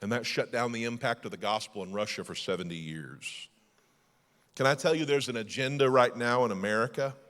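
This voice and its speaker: A male lead pastor preaching a sermon emphatically, moving between loud declarations and hushed passages. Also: mid-range voice, brisk, long reverb tail. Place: church sanctuary.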